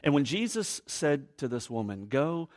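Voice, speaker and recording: A man preaching a sermon, reading scripture and explaining it with expressive emphasis, dropping to hushed tones and acting out quoted voices. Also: fairly high pitch, moderate pace. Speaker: pastor.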